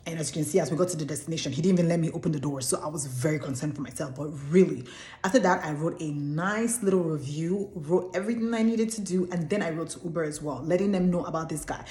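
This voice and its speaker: A young Nigerian woman recounts a story for her vlog with animated, exclamatory delivery. Her voice is low and mellow. The room around her adds a noticeable echo. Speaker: vlogger. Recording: roomy echo.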